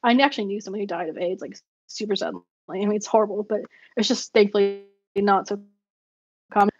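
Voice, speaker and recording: This woman talks fast in a steady, medium-pitched voice, chatting like a vlogger who journals while telling rambling stories. Laughter pops up often between fillers, and the lo-fi recording is dull and dry with no echo.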